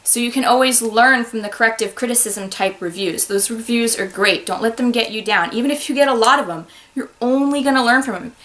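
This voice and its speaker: A woman author giving advice in a casual, animated talk to her viewers from a home office, breaking into sudden loud exclamations. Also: fairly high pitch, fairly quick, few pauses.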